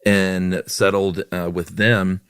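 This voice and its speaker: Man, very low voice, casual podcast co-host, easygoing, self-deprecating, dry close sound. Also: slow, clear, resonant tone, no room sound. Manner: relaxed and self-deprecating, many fillers. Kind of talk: casual chat.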